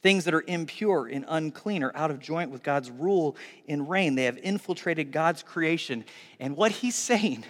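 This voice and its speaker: A man in his forties preaching a sermon as pastor, animated, swinging between hushed and loud. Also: a little high, moderate pace. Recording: long hall reverb.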